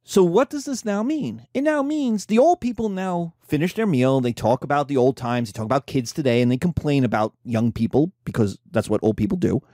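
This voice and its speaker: Male lecturer, mellow and animated storyteller, dry recording. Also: fairly high pitch, a little fast, few pauses, dry recording. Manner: animated storytelling, acting out characters. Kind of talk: informal lecture.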